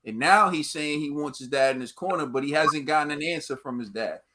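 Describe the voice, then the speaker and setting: A man hosts a casual podcast, his voice slightly high and bright. He stumbles through fillers before handing off to his co-hosts. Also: slight background noise. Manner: halting, filler-heavy hand-offs. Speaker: podcast host.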